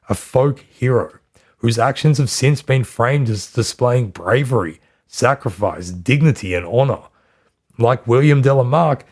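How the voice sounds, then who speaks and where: A male podcast host narrates history from a script in a voice of ordinary pitch. He delivers it steadily and adds dry, wry comments along the way. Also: darkish tone.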